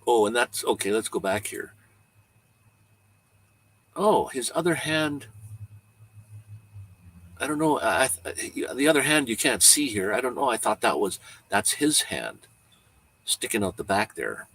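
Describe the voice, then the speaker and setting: A man's voice: medium pitch, very animated, a little slow, long pauses, a bit bright, slightly rough. A man hosting a casual livestream, rambling easygoing chat while showing photos, chuckling now and then. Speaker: livestream host.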